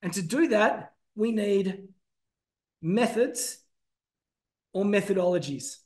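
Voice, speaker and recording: A man presenting a business masterclass, energetic and emphatic, calling out to his audience. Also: high voice, slow pace. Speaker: business trainer.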